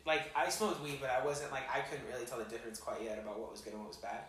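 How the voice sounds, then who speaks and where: A young man telling a wild story on a casual podcast, animated and full of slang and swearing. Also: mid-range voice, racing. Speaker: podcast co-host. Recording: echoey room, distant mic, faint noise.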